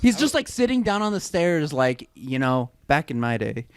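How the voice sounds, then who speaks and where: A man's voice: fairly high pitch, big pitch swings, normal speed, clean tone, no room sound, studio quality. A man on a casual podcast, eagerly jumping in with questions. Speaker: podcast co-host. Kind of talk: casual chat.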